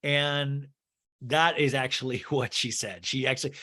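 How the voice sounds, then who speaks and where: A man's voice: mid-range voice, fairly even intonation, measured pace, pushed and bright. A man hosting a podcast and recapping a reality TV episode with sarcastic, exasperated commentary. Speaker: podcast host. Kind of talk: comedic TV recap.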